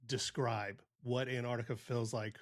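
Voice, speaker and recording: A man hosting an interview, asking thoughtful, measured questions. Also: medium pitch, little pitch movement. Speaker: interview host.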